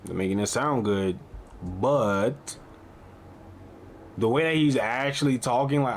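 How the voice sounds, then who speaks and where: A man's voice: medium pitch, slow pace, pauses often, slight background noise. A man hosting a reaction video, talking casually and asking one disbelieving question after another. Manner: incredulous, asks questions over and over.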